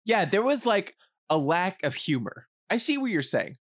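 A man co-hosting a casual podcast, rambling and animated, swearing and acting out quoted lines. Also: high-pitched, moderate pace, no echo, clean studio sound. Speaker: podcast co-host.

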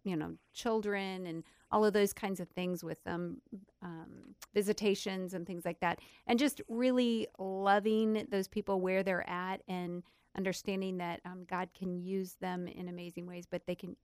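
A woman's voice: medium pitch, a little mellow, clean tone, dry recording. A woman co-hosting a faith and business radio show, speaking reflectively in casual studio chat. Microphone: studio microphone.

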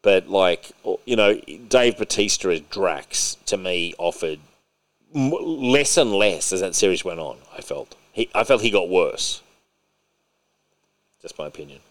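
Lively low-voiced male podcast host. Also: a little slow. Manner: excitable, opinionated, swears freely. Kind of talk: casual chat. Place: podcast recording.

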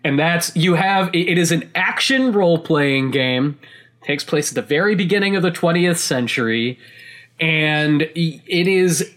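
Excitable rambling man, slightly high voice. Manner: excitable, rambling, many restarts, laughs while talking; casual swearing. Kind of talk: casual chat about a video game.

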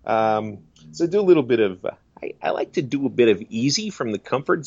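A man's voice: medium pitch, very animated, creaky, a little mellow, no room sound. A man talking casually in an interview about the voices he does, laughing often and slipping into impressions. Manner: breaks into quick celebrity and preacher impressions, laughs often. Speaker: impressionist guest. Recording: dull lo-fi sound.

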